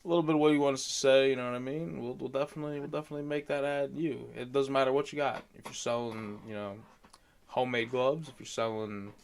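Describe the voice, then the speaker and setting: A man's voice: medium pitch, fairly even intonation, fast, creaky, a little hiss or hum. A man co-hosting a podcast from home, chatting loosely and rambling with some self-deprecating jokes. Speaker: podcast co-host. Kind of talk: casual chat. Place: home computer chair, recording remotely.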